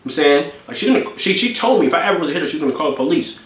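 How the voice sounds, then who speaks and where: A man telling a story in a casual, profane and animated way, rambling as he goes. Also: fairly high pitch, rapid-fire. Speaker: streamer. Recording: echoey room.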